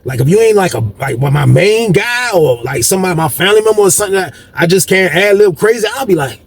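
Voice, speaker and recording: A man casually telling a personal story to viewers, animated and slangy, often turning to them with "y'all". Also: sits high, fast talker, husky.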